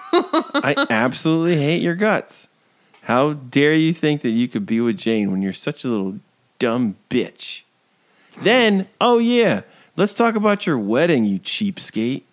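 Man, podcast co-host, profane mocking rant, laughs a lot, slow delivery, mid-range voice. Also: medium pitch, very animated. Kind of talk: casual chat.

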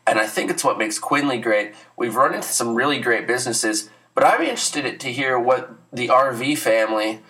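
A man's voice: mid-range voice, lively intonation, normal speed, few pauses, bright, forceful tone, far from the mic, rough recording. A man co-hosting an improvised comedy radio show, with a dry, mock-formal manner. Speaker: co-host.

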